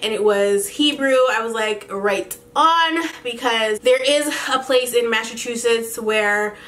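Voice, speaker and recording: A woman's voice: fairly high pitch, steady tone, a little slow, fairly bright tone. A young woman chatting candidly to her camera as a vlogger, talkative and swearing casually. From Canada. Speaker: beauty vlogger.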